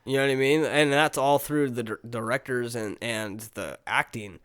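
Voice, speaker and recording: A man co-hosting a casual movie review podcast, retelling scenes in an animated way and filling his talk with "like.". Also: medium pitch, moderate pace, clear, resonant tone. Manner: animated retelling, heavy use of "like". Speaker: podcast co-host.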